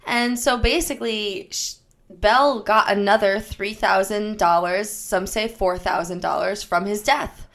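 Brief: female podcast host, laid-back storyteller, giggly, mid-pitched, swears casually. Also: fairly even intonation, a little slow, vocal fry, a bit bright. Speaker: podcast host telling a true-crime story.

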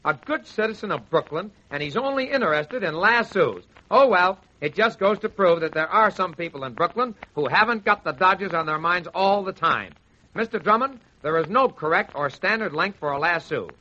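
A man hosting a scripted radio sports question show, trading wisecracks in a gruff joking manner, on a dull lo-fi 1940s radio recording. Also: high-pitched, lively intonation, normal speed, bright, forceful tone. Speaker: host.

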